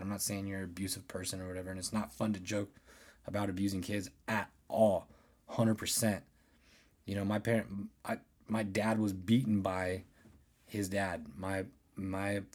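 A man's voice: on the low side, a little mellow. Rambling, profane man ranting solo. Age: 30s. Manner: profane, rambling, restarts often. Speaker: podcast host. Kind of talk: casual solo podcast rant.

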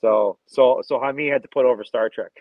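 A man's voice: mid-range voice, fairly quick. A man co-hosting a podcast, talking casually and eagerly, crude at times and often repeating himself. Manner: enthusiastic, crude, repeats words. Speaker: podcast co-host. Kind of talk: casual film review chat. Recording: dull, dry, slightly lo-fi.

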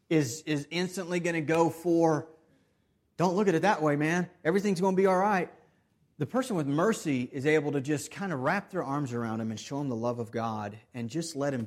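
Earnest, higher-voiced male preacher. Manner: earnest preaching that swings from loud emphasis to soft, hushed stretches; repeats and restarts phrases. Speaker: pastor. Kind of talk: sermon.

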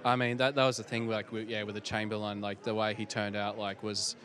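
A man's voice: fairly low pitch, flat delivery, brisk, a bit bright. A man interviewing guests outdoors at a fan convention, talking casually with many fillers and restarts. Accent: non-local accent.

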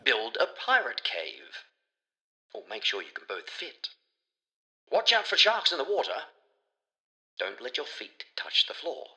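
A man reading a children's picture book aloud in an expressive, playful storytelling manner. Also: medium pitch, measured pace, pauses often. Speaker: storybook reader.

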